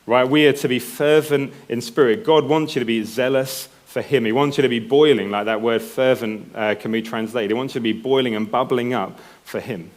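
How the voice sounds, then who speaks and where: A man's voice: mid-range voice, fairly quick, few pauses. A man preaching a sermon in a conversational way, often checking in with the congregation. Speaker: pastor.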